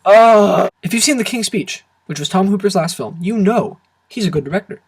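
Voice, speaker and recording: A man reviewing a film to camera in an excitable, animated rant full of exaggerated outbursts. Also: high-pitched, brisk, noisy background. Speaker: movie reviewer.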